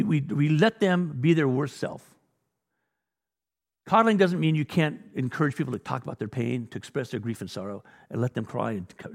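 Blunt gravelly male preacher in a hall. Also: a little high. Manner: blunt, exhorting, rhetorical questions. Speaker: pastor. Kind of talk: sermon.

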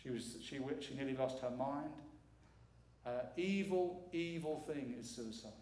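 A man's voice: mid-range voice, measured pace, a little mellow, slight background noise. A middle-aged man preaching as a guest speaker, earnest and emphatic, repeating words for weight. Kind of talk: sermon. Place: church sanctuary. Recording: echoey church hall.

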